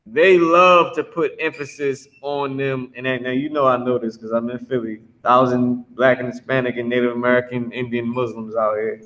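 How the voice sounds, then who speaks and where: A man teaching a live online language class, drawing out drilled words slowly and talking bluntly. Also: mid-range voice, a bit bright, low-quality recording. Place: Philadelphia.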